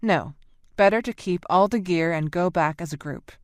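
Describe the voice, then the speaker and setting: Low, smooth woman narrating. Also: moderate pace, no echo, studio quality. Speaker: audiobook narrator. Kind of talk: scripted narration.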